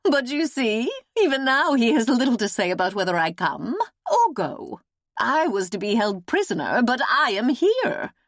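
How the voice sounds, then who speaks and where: A woman reading an audiobook, voicing a scheming, half-mad noblewoman with sharp, heated outbursts. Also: mid-range voice, very animated, measured pace, dry recording, studio quality. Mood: gleeful.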